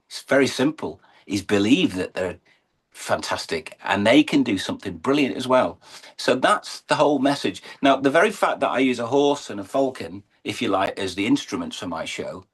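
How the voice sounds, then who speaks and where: English guy talking about his shows, kinda husky and low, gets earnest and emotional. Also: animated, normal speed. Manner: earnest, emotional, building to uplifting emphasis. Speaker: interview guest, horse and falcon showman. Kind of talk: conversational interview storytelling.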